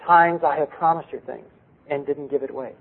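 Husky-voiced preacher man in a reverberant hall. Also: on the high side, brisk. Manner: earnest, asks the audience rhetorical questions. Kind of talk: sermon with personal story. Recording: tinny lo-fi recording with long hall reverb.

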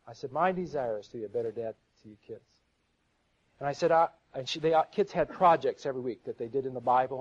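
A middle-aged man giving an earnest sermon-style talk to a live audience, telling stories and stumbling over repeated words. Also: mid-range voice. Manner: earnest, storytelling, repeats words when stuck. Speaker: seminar speaker. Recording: dull lo-fi live recording.

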